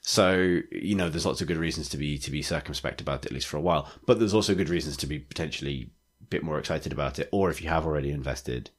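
Low-voiced man chatting casually. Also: fast, hardly any pauses. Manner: rambling, enthusiastic, many fillers. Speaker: podcast co-host. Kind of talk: casual chat.

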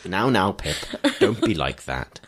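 Low-voiced man chatting casually. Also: sing-song, unhurried, fairly bright tone, breathy edge. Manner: rambling, enthusiastic, many fillers. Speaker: podcast co-host. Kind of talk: casual chat.

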